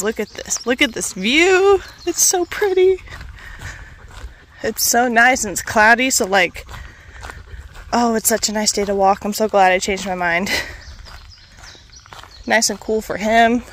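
A woman's voice: mid-range voice, moderate pace, pauses often, a bit bright, slight background noise. A woman vlogging casually on an outdoor trail, chatting and talking to her dog as she walks. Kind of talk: casual walking vlog.

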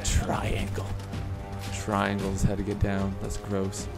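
A young man giving excitable, profane commentary as he plays a video game, often laughing. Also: on the low side, normal speed, gravelly, over music. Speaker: let's play gamer. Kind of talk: casual gameplay commentary.

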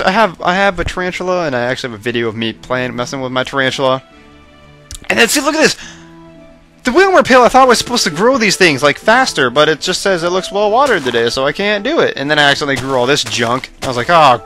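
A young man rambling casually over his gameplay footage, self-mocking and prone to excited outbursts, his voice tiring late at night. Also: on the high side, fast talker, soft background music. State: voice going hoarse late at night. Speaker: let's play host.

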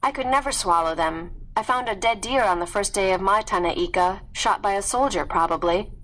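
Woman reading stern old grandfather, grave, measured, storybook. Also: medium pitch, a bit bright, close to an everyday voice. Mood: amused. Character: stern elderly tribal grandfather, proud and solemn.

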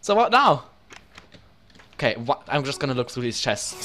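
A young man giving excitable gameplay commentary, yelping for help, laughing often and dropping into low muttered asides. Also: moderate pace, faint music behind. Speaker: gaming video host.

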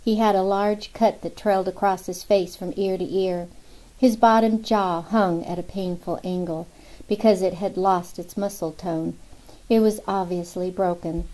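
A woman narrating a novel in a steady, even storytelling manner. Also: mid-range voice, poor audio. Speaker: audiobook narrator. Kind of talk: scripted narration.

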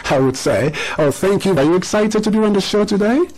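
A man's voice: sits high, expressive, crowd noise, low-quality recording. Encouraging radio host, man. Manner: encouraging, quick praise, asks guests to repeat. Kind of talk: radio interview with schoolchildren.

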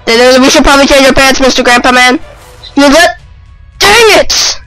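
A man giving casual, excitable, self-mocking commentary while playing a video game. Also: extremely high pitch, quick pace, soft background music, poor audio. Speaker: let's play gamer.

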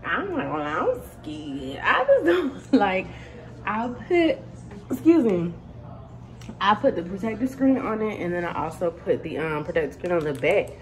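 In a rough recording with music behind her, a woman vlogger talks at a moderate pace in a mid-range voice. She's in her home bathroom, chatting casually and animatedly straight to her viewers.

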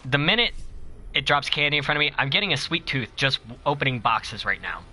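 A man streaming a video game live, chatting casually and excitedly with his viewers and cheering himself on. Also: mid-range voice, fairly quick. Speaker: gaming streamer.

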